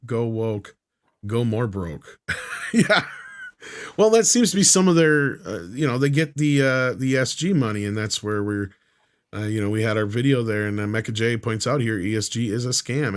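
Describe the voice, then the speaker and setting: A man hosting a casual panel chat, reading out viewer comments and joking with the others. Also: mid-range voice. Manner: laughs often, loose and joking.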